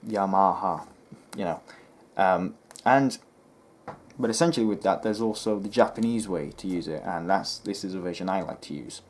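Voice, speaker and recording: A man's voice: sits low, normal speed, a little mellow, a little hiss or hum. A man hosting a history video, chatting casually with lots of ums and restarts. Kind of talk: casual rambling commentary to camera.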